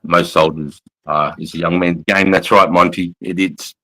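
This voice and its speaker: A blunt, matey Australian man of middle age hosting a livestream chat. His voice sits very low and deep, and he swears freely and calls everyone mate as he reads out comments. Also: fairly even intonation, moderate pace, pushed and bright, low-quality recording. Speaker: livestream host, army veteran.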